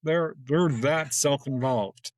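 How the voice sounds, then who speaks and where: A man talking as a podcast guest in casual storytelling, acting out quoted exchanges with sudden jumps in pitch and laughing often between phrases. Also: takes it slowly, dry recording, rough recording.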